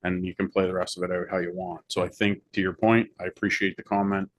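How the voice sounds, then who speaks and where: A man speaking as fire chief at a council meeting, explaining things in a measured way with frequent fillers. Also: sits low, little pitch movement, slight background noise.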